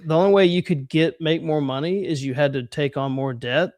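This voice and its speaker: A man's voice: on the high side, a little fast, darkish tone, no echo. Southern-accented male host, dry sound. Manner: casual, frequent short agreements. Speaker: podcast host. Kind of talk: casual conversational interview.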